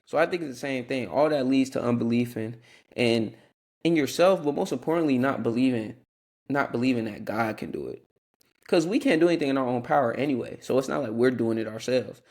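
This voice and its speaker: A young man hosts a Christian podcast, speaking briskly in a darkish, mid-range voice. His talk is earnest yet casual and rambling, with restarts and asides.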